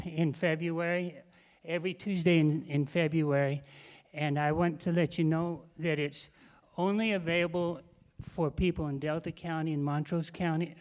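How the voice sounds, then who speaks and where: An older man from western Colorado, a farmer speaking at a conference in a folksy, self-deprecating way with restarts. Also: fairly high pitch. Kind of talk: folksy public talk with a joke. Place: conference hall.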